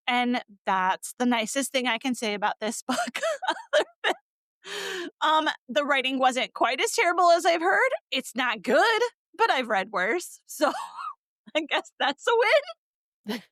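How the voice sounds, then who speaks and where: A woman co-hosting a casual book-review podcast, sarcastic and animated, swearing freely and laughing often. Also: sits high, no room sound. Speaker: podcast co-host.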